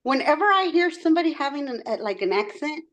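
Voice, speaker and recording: A woman's voice: high voice, big pitch swings, fast talker, fairly bright tone. A woman from Texas with a Texan accent, chatting on a video call as a meetup attendee, talkative and a little self-conscious, mixing in Spanish words. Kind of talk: casual chat on a video call.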